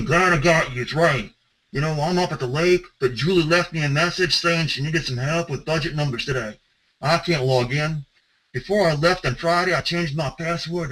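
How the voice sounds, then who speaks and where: Man putting on a hoarse Southern drawl. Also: a little high, fairly bright tone, voice pushed up, low-quality recording. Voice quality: hoarse, sore-throated. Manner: casual, friendly, asking a favor. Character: male caller faking a sore throat.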